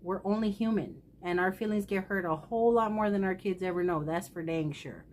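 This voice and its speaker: A woman who makes thrift haul vlogs chats casually to the camera, candid, emotional and self-deprecating as she speaks straight to her viewers. Her voice is mid-range and a little fast, with slight background noise.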